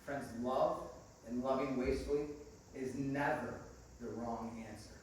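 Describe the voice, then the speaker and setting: In an echoey church hall picked up by a distant mic, a man preaches at an unhurried pace with a mid-range voice and slight background noise. His sermon is built on funny stories, delivered in a lively, humorous way as he addresses the congregation as friends.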